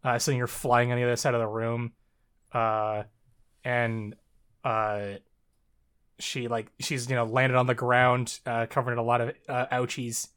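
A man's voice: mid-range voice, level tone, measured pace, smooth. A man casually talking through a story on a podcast, with many fillers and frequent swearing. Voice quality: bright, lots of fillers and swearing, laughs often. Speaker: podcast co-host. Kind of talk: casual chat about a story.

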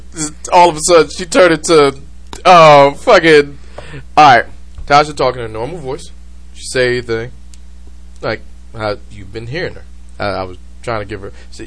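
A man's voice: mid-range voice, a little fast. A man in his thirties hosting a podcast, talking in casual, profane, joking banter. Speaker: podcast host.

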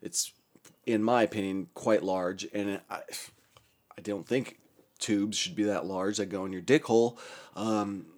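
A young man with a somewhat low voice tells a story in a loose, rambling monologue. He swears constantly, restarts his sentences and laughs at his own account. He is recovering from a stroke. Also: fairly even intonation, unhurried, a little mellow.

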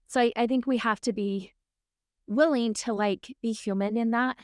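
A woman's voice: on the high side, unhurried, no echo, clean studio sound. A woman co-hosting a podcast, chatting casually and telling a personal story, acting out back-and-forth dialogue and often checking in with "right?". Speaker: podcast co-host. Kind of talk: casual chat.

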